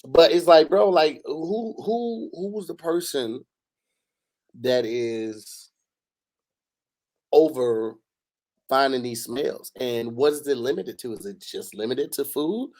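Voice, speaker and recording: A man co-hosting a casual podcast, reading a sponsor ad and chatting, hyping with slang and rising shouts. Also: medium pitch, slow pace, pauses often. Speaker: podcast co-host. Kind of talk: casual podcast ad read and chat.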